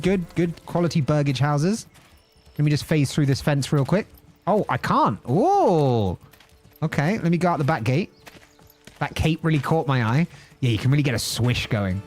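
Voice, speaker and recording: A young man streaming gameplay, chatty and joking, his voice fairly high and swinging up and down animatedly. Faint game music plays underneath. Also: very animated, normal speed, long pauses, darkish tone. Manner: playful, chatty, jokes and laughs often. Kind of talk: live-streamed gameplay commentary.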